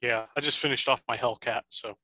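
A man co-hosting a podcast in casual chat, dry and low-key, answering briefly. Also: steady tone, a little fast, pushed and bright, no echo, poor audio. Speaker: podcast co-host.

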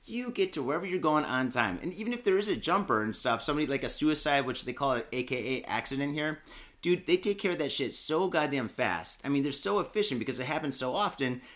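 A man's voice: fairly high pitch, animated, fast talker, fairly bright tone. Rambling, foul-mouthed man on a podcast. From Michigan, USA. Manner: profane, rambling, heavy cursing and filler. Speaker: podcast co-host. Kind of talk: casual podcast monologue.

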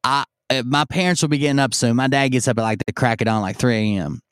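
A man's voice: mid-range voice, fast, clean tone, dry recording, clean studio sound. Profane, rambling man telling a story. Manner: rambling and profane, acts out yelled quotes. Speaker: streamer telling stories. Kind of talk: casual storytelling.

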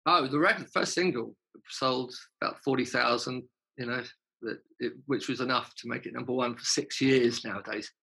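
Musician guest, gravelly husky voice, chatty storyteller with lots of swearing. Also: male voice, medium pitch, moderate pace, pushed and bright, rough recording. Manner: chatty, laughing, swears freely. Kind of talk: casual anecdotal storytelling.

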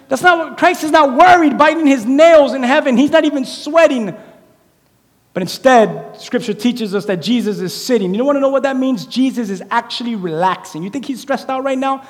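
A man preaching a sermon in a church, animated and conversational, acting out little quotes as he goes. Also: very high-pitched, moderate pace. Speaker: pastor. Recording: echoey hall reverb.

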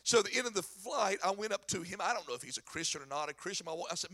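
Gravelly high-voiced preaching man. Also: racing. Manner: animated storytelling with shouted emphasis. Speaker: pastor. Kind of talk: sermon.

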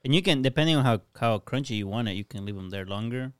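A man's voice: medium pitch, expressive, fast, clean tone, no room sound, studio quality. A man co-hosting a podcast, chatting casually with wry jokes. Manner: wry, joking. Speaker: podcast co-host. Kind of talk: casual chat.

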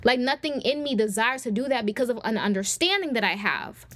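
A woman's voice: on the high side, animated, brisk, a bit bright, dry recording. A young adult woman hosting a faith-based podcast, teaching in a conversational, preacher-like way and speaking straight to her listeners. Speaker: podcast host.

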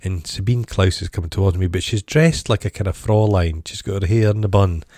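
Scottish man, low voice, wry storyteller. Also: a little fast, a little mellow, no echo, clean studio sound. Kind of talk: casual chat.

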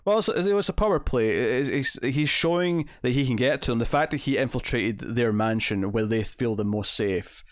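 A man's voice: mid-range voice, moderate pace, hardly any pauses. A man chatting casually about comic books, his voice sitting in a middle range. He rambles through fillers and restarts and slips into acted-out quotes as he goes. The sound is dry and close, with no room echo. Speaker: podcast co-host. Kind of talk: casual comic book discussion.

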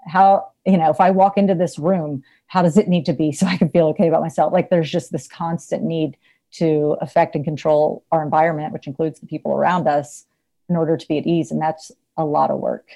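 A woman's voice: sits low, fairly even intonation, fairly quick, vocal fry, dark tone. A woman in casual conversation, talking reflectively with many fillers and frequent laughs.

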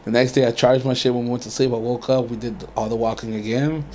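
A man's voice: medium pitch, little pitch movement, quick pace, mellow, slight background noise. A man from California telling a rambling, laid-back story in casual chat, swearing freely.

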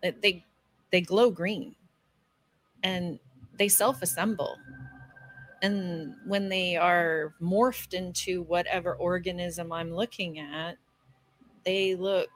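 A woman's voice: on the low side, slow, a bit bright, a little hiss or hum. A woman speaking earnestly and hesitantly in casual conversation, searching for words.

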